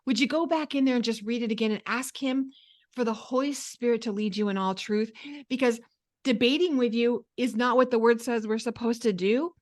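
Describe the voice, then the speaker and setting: Woman pastor-host, earnest and encouraging, slightly high voice, casual chat. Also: a little fast. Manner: earnest, encouraging, animated with acted asides. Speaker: podcast host. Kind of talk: casual faith podcast chat.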